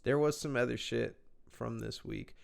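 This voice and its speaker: A man's voice: mid-range voice, steady tone, moderate pace, creaky. Laid-back swearing podcast guy. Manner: loose, profane and laid-back, swears constantly. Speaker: podcast host. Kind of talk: casual chat.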